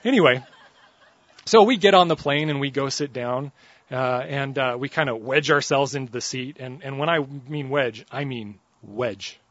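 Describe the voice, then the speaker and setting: A man preaching a sermon, telling a funny personal story in an animated, joking way. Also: mid-range voice, normal speed, no echo, dull audio.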